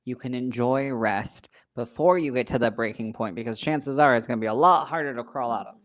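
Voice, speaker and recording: A woman's voice: extremely low pitch, brisk. A woman co-hosting a podcast, giving frank, reassuring advice in a casual chat with sassy asides. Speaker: podcast co-host.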